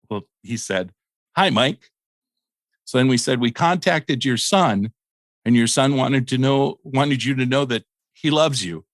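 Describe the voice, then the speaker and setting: Man recounting a haunting, animated and excitable, quotes voices of others, mid-pitched everyday voice, lots of uhs and restarts, interview-style storytelling. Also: no room sound. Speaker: paranormal investigator.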